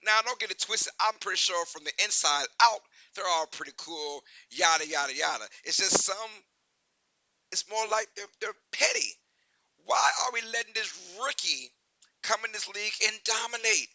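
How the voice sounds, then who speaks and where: A man hosting a sports talk show, giving animated, emphatic opinions and often asking "right?". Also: sits high, moderate pace, creaky, no echo, low-quality recording.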